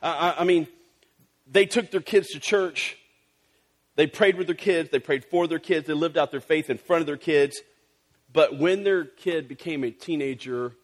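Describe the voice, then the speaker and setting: Animated pastor preaching a casual sermon. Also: male voice, fairly high pitch. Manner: animated, conversational, many fillers. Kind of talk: storytelling sermon. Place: church service.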